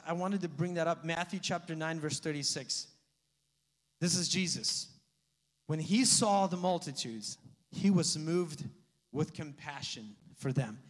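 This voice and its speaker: A man preaching a sermon in a conversational, animated way, with asides and light laughter. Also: high-pitched, long reverb tail. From Slavic family background. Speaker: pastor.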